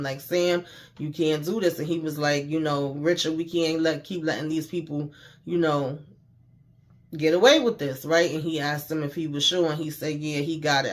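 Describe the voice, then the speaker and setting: In a slightly high voice, a TV show recapper casually goes over an episode using slang. He quotes the characters to retell scenes and throws in mild cursing.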